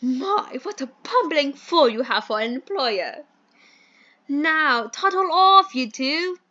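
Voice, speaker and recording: Playing through a phone dating game, a woman performs a grandly pompous British gentleman, a phone box employer full of fussy manners and flowery talk, using a fake British accent. She sounds high and bright, animated and slow, heavily acted, though the low-fi mic muffles her.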